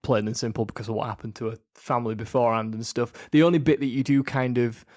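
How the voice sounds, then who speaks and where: A man's voice: mid-range voice, fairly even intonation, fast, darkish tone. A man co-hosting a casual podcast, talking through a film with lots of fillers and restarts. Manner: rambling, many fillers and restarts. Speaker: podcast co-host. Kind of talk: casual chat.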